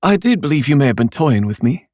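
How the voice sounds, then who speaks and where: A man's voice: medium pitch, very animated, quick pace, darkish tone, dry recording, clean studio sound, voice pushed up. A man reading an audiobook, voicing a cold, bitter, scheming middle-aged mother who talks sullenly and sarcastically. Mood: resentful. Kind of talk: audiobook character voice.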